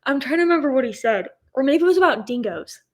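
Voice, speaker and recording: A young American woman talking casually as an interview guest, chatty and quick to laugh, with lots of fillers. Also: sits high, animated. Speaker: guest, motocross racer.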